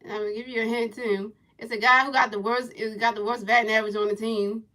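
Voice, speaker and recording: Woman streamer calling pitches playfully. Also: level tone, fast, sharp tone, rough recording. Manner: repetitive, teasing questions to chat; sing-song, repeated pitch calls. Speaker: gaming livestreamer. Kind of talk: playful play-by-play commentary.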